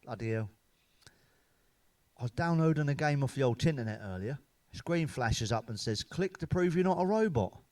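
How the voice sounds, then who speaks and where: A middle-aged British man telling crude, sweary one-liner jokes in a deadpan stand-up monologue. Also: mid-range voice, normal speed, no echo. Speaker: stand-up comedian.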